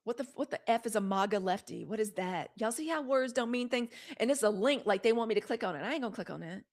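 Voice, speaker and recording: A woman in hosting a live news show, talking straight to her viewers in a sassy, animated way. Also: a little high, quick pace. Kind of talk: casual live-stream commentary.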